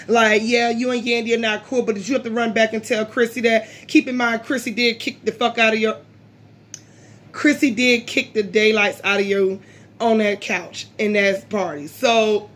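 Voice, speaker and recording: Chatty woman giving a blunt TV recap. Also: fairly high pitch. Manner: chatty and opinionated, frequent ums. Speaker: reality TV recap vlogger. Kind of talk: casual spoken episode review.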